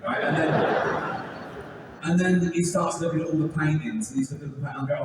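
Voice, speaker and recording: An English man in his sixties performs stand-up, his slightly high voice bouncing around a vast echoing arena with a long tail of reverb. He sounds a little distant from the mic, with faint ambience behind him. He laughs through his own lines, swears freely and plays both sides of each exchange. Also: steady tone, normal speed, pauses often, crowd noise. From England. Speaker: stand-up comedian. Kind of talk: stand-up comedy set. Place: large arena. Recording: echoey arena sound from far off.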